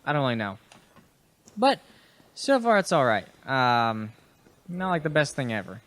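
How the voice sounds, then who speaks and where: A man's voice: medium pitch, sing-song, moderate pace, a bit bright. A young man hosting a casual gaming podcast, rambling and chatty as he plays, with fillers, restarts and casual swearing. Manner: swears casually and talks to enemies on screen. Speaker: host and gamer. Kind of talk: casual gaming podcast commentary while playing.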